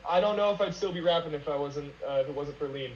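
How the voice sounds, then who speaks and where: A man's voice: on the high side, fast. A man talking casually on a podcast as a guest, rambling with lots of fillers and swearing. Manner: rambling, many fillers, profane. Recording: roomy lo-fi with faint noise.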